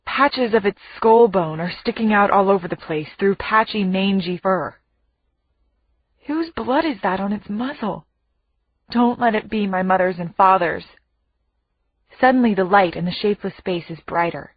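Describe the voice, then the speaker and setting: A woman's voice: medium pitch, normal speed, muffled recording. A woman narrating a first-person audiobook in a vivid, dramatic way.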